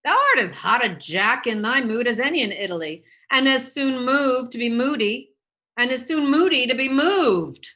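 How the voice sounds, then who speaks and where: A woman playing Mercutio in a Shakespeare reading, delivering the verse in an animated, mocking way. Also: sits high, moderate pace. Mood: teasing. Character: witty, quarrel-mocking young male Mercutio. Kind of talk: Shakespeare reading over a video call.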